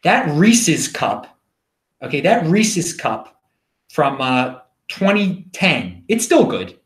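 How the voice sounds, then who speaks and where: A man with a Baltimore accent hosting his own show, telling stories in a rambling, animated casual monologue. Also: on the high side, slow pace, reverberant. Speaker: show host.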